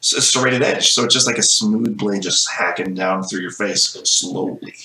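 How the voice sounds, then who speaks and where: Profane, animated man in an echoey room. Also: lowish voice, normal speed. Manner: profane, animated storytelling with mock voices. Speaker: podcast co-host. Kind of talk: casual chat. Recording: echoey room, some background noise.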